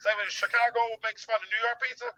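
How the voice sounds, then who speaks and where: A man chatting casually as a radio show guest, an animated storyteller who acts out voices. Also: high-pitched, fast talker, crowd noise, low-quality recording. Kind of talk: casual chat.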